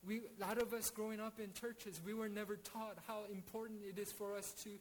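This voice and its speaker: A man's voice: high-pitched, little pitch movement, fairly quick, a little hiss or hum, poor audio. A man teaching a Bible study in an earnest way, with frequent restarts and rhetorical questions.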